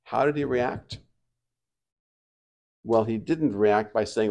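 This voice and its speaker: A male pastor preaching a sermon, swinging between quiet reflective passages and loud, emphatic declarations. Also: lowish voice, slow pace, vocal fry, long pauses. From United States.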